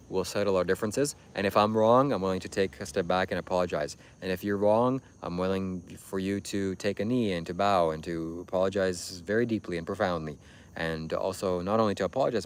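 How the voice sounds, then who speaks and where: A man with a fairly low voice delivers a livestream monologue straight to his viewers. He lectures in a preachy, insistent way and circles back to the same points again and again. A faint hiss of background noise sits under the voice. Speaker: livestream host. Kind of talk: livestream monologue addressing chat.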